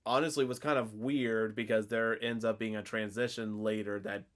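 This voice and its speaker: A man's voice: on the low side, fairly even intonation, moderate pace. A man co-hosting a podcast, casually recapping a horror film in a rambling way with lots of filler words. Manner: rambling, leans on fillers like essentially and basically. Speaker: podcast co-host.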